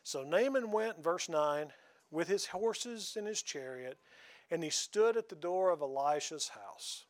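A man preaches in a relaxed drawl, folksy and chatty. His voice sits slightly higher than most men's, and he keeps asking his listeners questions as he goes. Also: unhurried. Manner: folksy, conversational, asks the congregation questions. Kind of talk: sermon.

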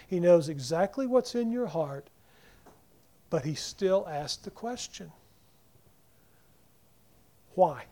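High-voiced male preacher with a mellow tone. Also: animated, slow, long pauses. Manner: preaching with shifts between loud emphasis and near-whisper. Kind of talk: sermon.

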